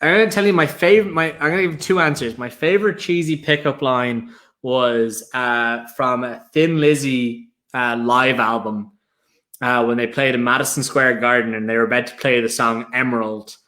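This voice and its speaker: A man's voice: medium pitch, fairly even intonation, normal speed, pushed and bright. A man appearing as a guest on a casual live-stream chat, talking in a chatty way full of restarts.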